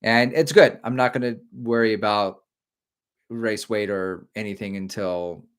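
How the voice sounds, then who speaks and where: A man's voice: on the low side, fairly even intonation, measured pace, clear, resonant tone. A middle-aged man hosting a casual live stream, joking and rambling while he reads viewer comments aloud.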